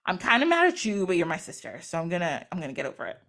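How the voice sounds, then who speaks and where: A woman voicing a compassionate goddess queen who speaks in a calm, measured way. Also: on the low side, voice pushed down, heavily acted. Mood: forgiving.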